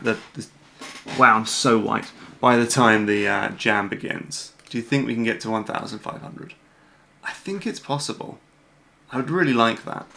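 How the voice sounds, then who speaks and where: A British man hosts a casual livestream from a room at home at night, rambling through viewer questions with many fillers, restarts and self-deprecating asides. His voice is lowish, bright and forceful, with vocal fry.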